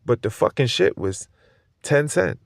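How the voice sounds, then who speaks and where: A man's voice: mid-range voice, a little slow, no echo, clean studio sound. Rambling, swearing man. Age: adult with a school-age kid. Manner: rambling, swears freely, laughs often. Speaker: podcast host. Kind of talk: casual profane monologue.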